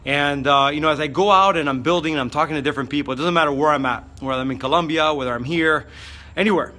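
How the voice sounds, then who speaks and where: A man giving an energetic motivational vlog talk, fired up, with frequent fillers. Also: fairly high pitch, quick pace. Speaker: motivational speaker.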